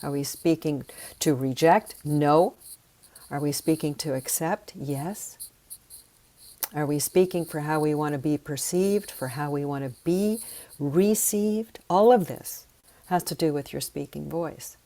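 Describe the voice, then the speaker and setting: A woman teaching sound healing, leading slow, soothing breathing and voice exercises. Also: sits low, dark tone.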